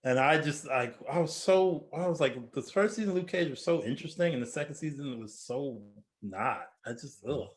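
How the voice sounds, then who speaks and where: A man's voice: mid-range voice, animated, normal speed. A man co-hosting a podcast, talking casually in a blunt way and swearing freely. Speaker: podcast co-host. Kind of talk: casual chat.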